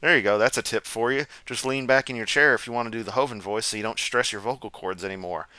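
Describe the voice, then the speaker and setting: A man's voice: mid-range voice, quick pace, pushed and bright, dry recording. A man giving sarcastic, rambling reaction commentary from a chair at home. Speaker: commentary streamer. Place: home room, seated.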